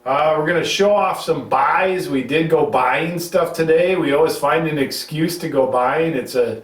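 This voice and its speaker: A man's voice: on the high side, moderate pace. A middle-aged man hosting a casual home-recorded chat, rambling and teasing, often restarting his sentences. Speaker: show host. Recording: roomy sound, mic at a distance.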